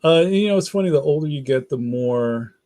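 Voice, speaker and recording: A middle-aged man hosts a casual livestream, talking to viewers in a relaxed, slangy way and reading their comments aloud. His voice is a little high and brisk.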